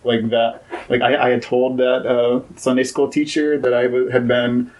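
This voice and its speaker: A man's voice: medium pitch, level tone, normal speed, darkish tone, rough recording. Hesitant young man telling a story. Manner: hesitant, many fillers and restarts. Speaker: guest. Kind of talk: casual podcast chat.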